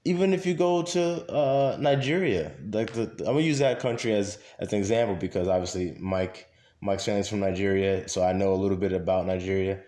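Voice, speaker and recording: A man talks to camera in an emphatic, rambling way, circling back to repeat his points and filling the gaps with ums and uhs. His voice sits a little low and has a dark, mellow tone, and the room around him gives off a noticeable echo. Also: brisk. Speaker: vlogger. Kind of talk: casual monologue. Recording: echoey room.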